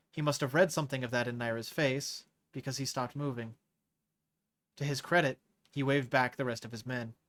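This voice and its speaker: A man hosting a live reading of a novel, narrating in a measured way and rereading lines he stumbles on. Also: mid-range voice. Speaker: host reading a novel aloud. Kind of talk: scripted narration read aloud live.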